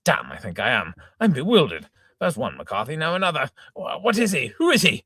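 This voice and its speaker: Casting: a man playing a fuming old father, bright edgy tone, wildly swooping delivery, husky. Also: fairly high pitch, huge pitch swings, a little fast, no echo, studio quality, heavily acted. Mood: indignant. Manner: sputtering oaths, exclaiming, shouting indignantly. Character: blustering old gentleman father, hot-tempered. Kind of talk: amateur reading of an old stage farce.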